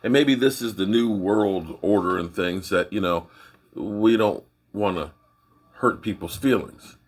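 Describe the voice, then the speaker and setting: This middle-aged host runs his own sports channel, rambling through casual, folksy, opinionated takes. He speaks at a measured pace in a husky, lowish voice.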